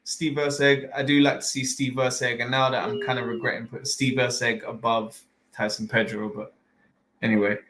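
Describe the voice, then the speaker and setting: A man's voice: medium pitch, level tone, moderate pace, background noise. A man hosting a casual fight podcast, rambling with lots of fillers and restarts and casual swearing. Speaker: podcast host.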